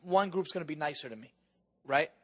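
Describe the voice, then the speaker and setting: Excitable, animated man from New York. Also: on the high side, brisk. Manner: excitable, profane, keeps talking over the other man. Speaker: podcast guest, comedian. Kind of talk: casual chat.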